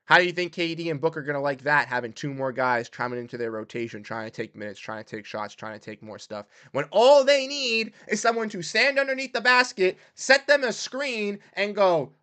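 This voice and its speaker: A man with a fairly high-pitched voice rants on a sports livestream. He talks heatedly, swinging from loud, emphatic bursts to muttered exasperation. His delivery sounds like a fan venting to his audience. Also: animated, a little fast, few pauses, clear, resonant tone, no room sound. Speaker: sports podcast host. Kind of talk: livestream rant.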